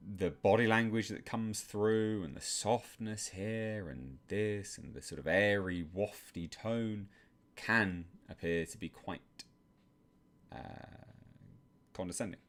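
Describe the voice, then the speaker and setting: A man with an English accent hosting a live stream, reading chat questions and answering in a measured, soft-spoken way with many fillers. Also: sits low.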